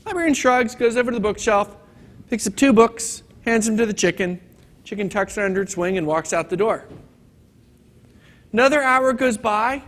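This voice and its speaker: A man's voice: high voice, animated, moderate pace, long pauses, a bit bright. A man teaching a hands-on data class at a conference training session, talking casually to the room and telling a corny joke. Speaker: training instructor. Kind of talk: classroom lecture.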